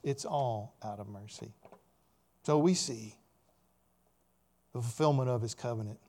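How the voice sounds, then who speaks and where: A male pastor preaching a sermon, building to loud emphatic points and checking in with "right?". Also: mid-range voice, measured pace.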